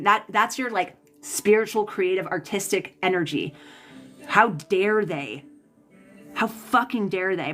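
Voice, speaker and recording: A woman's voice: mid-range voice, fairly bright tone. Fired-up profane woman livestreaming. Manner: heated, profane, frequent restarts. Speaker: tarot reader livestreaming. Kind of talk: livestream chat answering comments. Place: home, Pacific time zone.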